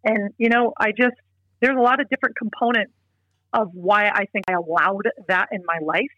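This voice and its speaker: A woman's voice: medium pitch, fairly even intonation, normal speed, no echo, muffled recording. A middle-aged woman speaking as an interview guest. She talks earnestly and emphatically, often restarting her sentences. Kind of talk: casual interview talk.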